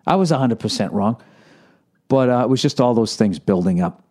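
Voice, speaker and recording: Middle-aged man, comedian, casual storytelling, profane, self-deprecating, mellow voice. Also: medium pitch, lively intonation, a little fast. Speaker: comedian podcast host.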